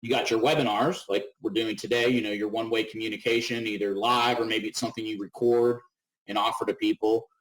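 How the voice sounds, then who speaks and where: A middle-aged man co-hosting a webinar over a video call, talking in an animated way, acting out little voices and often asking "right?". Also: lowish voice, a little fast, rough recording. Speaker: webinar co-host. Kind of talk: casual webinar talk.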